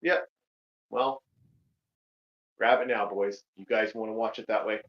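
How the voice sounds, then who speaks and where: A man's voice: fairly low pitch, fairly even intonation, measured pace, dull audio. A man hosting a casual group voice call, loose and joking, swearing casually, recorded on a home computer mic. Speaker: host.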